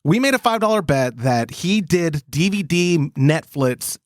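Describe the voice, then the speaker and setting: Man, podcast host, casual chat, animated storytelling, fairly high voice, dry close sound. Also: unhurried, no echo.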